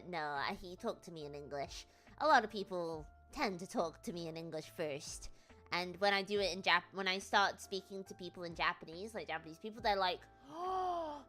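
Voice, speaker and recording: A woman's voice: fairly low pitch, pushed and bright. A woman VTuber streamer telling a travel story in rambling, chatty casual talk, laughing often at herself. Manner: rambling, chatty, self-deprecating with frequent laughs.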